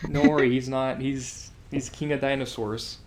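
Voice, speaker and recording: A man's voice: mid-range voice, fairly even intonation, moderate pace. A man co-hosting a podcast, chatting casually with lots of filler words. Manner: laid-back, chatty, uses dude and like a lot. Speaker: podcast co-host. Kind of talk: casual chat.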